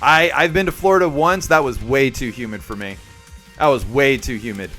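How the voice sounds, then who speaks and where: A man's voice: medium pitch, normal speed, soft background music. A young man hosting a live stream, telling a story in casual chat with viewers and acting out the voices in it. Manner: animated, acts out voices in his stories. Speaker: livestream host.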